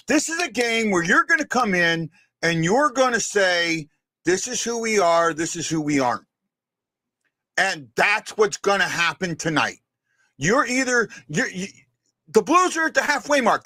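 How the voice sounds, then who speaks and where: A man hosting a casual live-stream sports fan show, talking in a rambling, animated way with frequent restarts. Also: high-pitched, no room sound.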